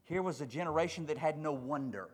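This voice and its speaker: A man's voice: fairly high pitch, fast talker, long reverb tail. A male pastor preaching a sermon emphatically, building through repeated phrases.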